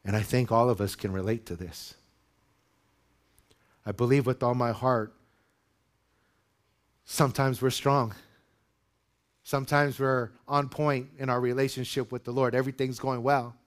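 A male pastor preaching to his congregation in church, moving from measured teaching into loud, high-pitched exhortation. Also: fairly even intonation. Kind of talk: sermon.

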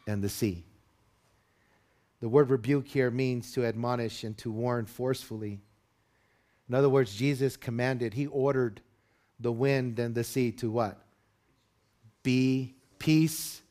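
Earnest male preacher. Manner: earnest preaching, rising loud and high when dramatizing the disciples. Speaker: pastor. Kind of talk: sermon.

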